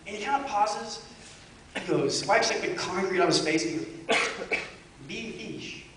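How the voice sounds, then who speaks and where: A man's voice: sits high, fairly quick, a little hiss or hum. Rambling man telling a story in an echoey hall. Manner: animated, rambling, heavy use of "like". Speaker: guest speaker. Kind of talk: comic storytelling to a live audience. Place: large university event hall. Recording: echoey hall, distant mic, loud audience.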